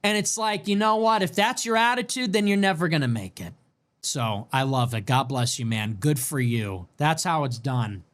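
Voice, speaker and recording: A man hosting a livestream, reading and answering viewer messages in a sarcastic, mocking way that swings between loud outbursts and low mutters. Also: moderate pace. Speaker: livestream host. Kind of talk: livestream commentary reading super chats.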